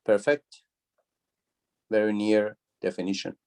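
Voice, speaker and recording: A man's voice: on the low side, flat delivery, slow, darkish tone, smooth. A man teaching an online university class. He repeats key words, asks the students questions, and speaks with non-native phrasing. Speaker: university lecturer. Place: video call.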